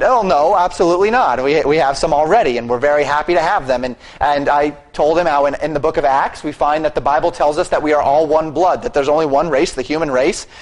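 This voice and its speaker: Male pastor mid-sermon, earnest exhorter, voice sits a bit high. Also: rough recording. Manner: earnest, exhorting, shifts volume for emphasis.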